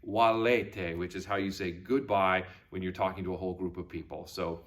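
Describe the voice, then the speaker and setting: A man teaching a recorded video lesson for children, repeating each word slowly for learners. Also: low voice, little pitch movement, fairly bright tone. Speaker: Latin teacher.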